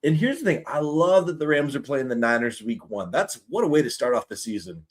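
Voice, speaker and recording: A Canadian man hosts a casual sports talk stream, running through his predictions with an upbeat, chatty manner. His voice sits in a middle pitch, and he pokes fun at himself as he goes. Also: very animated, a little fast. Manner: chatty, upbeat, self-deprecating. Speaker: sports podcast host.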